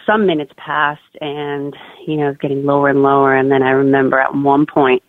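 A woman's voice: rumbling low, level tone, a little fast, no echo. A young woman chatting casually as a podcast guest, full of fillers like "like" and "oh my God.". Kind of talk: casual birth-story interview. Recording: dry tinny phone-like line.

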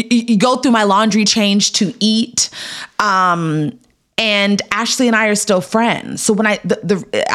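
A woman in her thirties, an actor being interviewed, telling a candid personal story in a casual, filler-heavy way and acting out the voices she quotes. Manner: animated, acts out quoted voices with big pitch jumps; casual, filler-heavy, laughs between lines.

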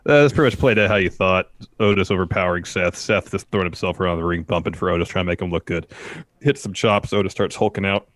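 A man's voice: low voice, fast talker, few pauses, a bit bright, no room sound. A man co-hosting a podcast, casually retelling a wrestling show play by play with plenty of fillers. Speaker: podcast co-host recapping wrestling. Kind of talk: casual recap chat.

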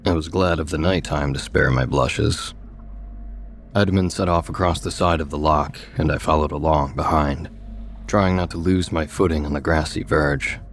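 A man narrating a scripted horror story in a measured, steady storytelling manner. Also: very deep voice.

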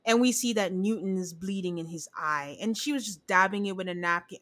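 A woman's voice: mid-range voice, fairly quick, a bit bright. A woman chatting casually as a podcast co-host, animatedly retelling scenes and acting out the quotes. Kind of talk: casual recap chat.

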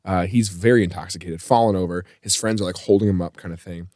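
A man with a fairly low voice tells a comic story as a podcast host, breaking into laughter again and again. The sound is close and dry, with no room around it. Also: fast, dry recording. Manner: animated, laughs often while telling the story. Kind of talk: comedic storytelling.

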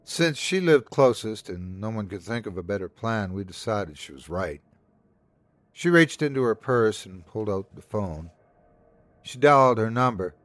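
A man's voice: lowish voice, animated, normal speed, fairly bright tone, no room sound. A man hosting a podcast, giving dramatic scripted narration of a horror story.

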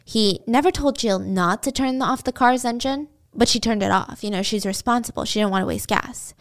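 A woman's voice: on the high side, normal speed. A woman retelling a true-crime story in a casual, dramatic way, with chatty asides to the listener.

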